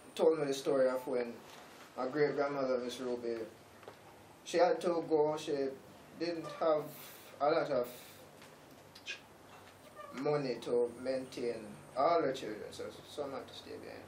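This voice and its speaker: Casting: man, middle voice, pausing storyteller, distant echoey pickup. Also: medium pitch, fairly even intonation, darkish tone, slight background noise. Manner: storytelling with frequent pauses and restarts. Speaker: interviewee, family member. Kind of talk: casual interview answers.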